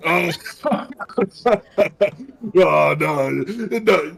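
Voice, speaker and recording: A man running a tabletop game as dungeon master, laughing often and getting animated as he narrates. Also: medium pitch, measured pace. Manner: laughs often, animated when voicing characters.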